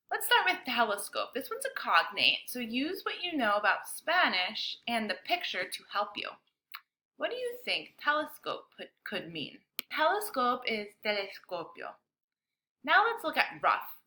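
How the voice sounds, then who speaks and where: A woman teacher walks children through a bilingual science lesson. Her voice sits a little high and sounds crisp and bright, and she talks slowly and clearly, encouraging the kids to repeat after her. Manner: slow, clear, encouraging classroom delivery.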